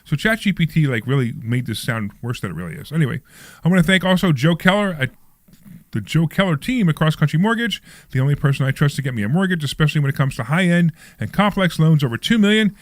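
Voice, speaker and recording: Guy hosting a live money radio show, quick and a bit high, dry studio sound. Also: animated, dry recording. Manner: fast, joking banter. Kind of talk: live call-in radio talk.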